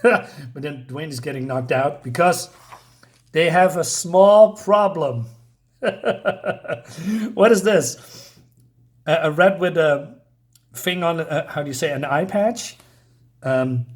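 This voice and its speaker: Chatty man who laughs a lot. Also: on the high side. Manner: chatty, laughs often, retells scenes in quoted voices. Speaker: comic book reviewer. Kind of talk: casual comic review vlog.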